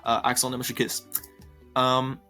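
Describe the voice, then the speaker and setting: A man's voice: mid-range voice, monotone, normal speed, sharp tone, soft background music. A young man chatting casually with many ums and likes, giggling often while reacting to viewer opinions on a cartoon series. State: tired. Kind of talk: casual commentary.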